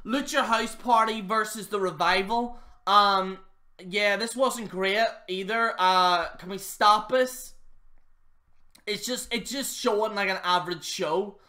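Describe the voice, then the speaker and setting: A man's voice: high-pitched, slow pace, sharp tone. A man hosting his channel, giving a rambling, profane and mocking review of a wrestling show. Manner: swears freely, rambling and mocking. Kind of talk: casual profane review rant.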